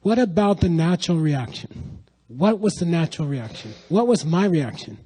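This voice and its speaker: A middle-aged man giving a lively spiritual talk to an audience, telling stories and asking rhetorical questions. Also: on the high side, normal speed, breathy edge, rough recording. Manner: animated, rhetorical questions, storytelling. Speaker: spiritual teacher.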